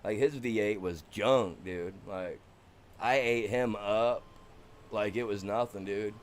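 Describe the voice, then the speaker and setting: A middle-aged man from Michigan, live-streaming a farming game and telling a long, animated story in casual, slangy chat. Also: fairly low pitch, slow pace, slight background noise.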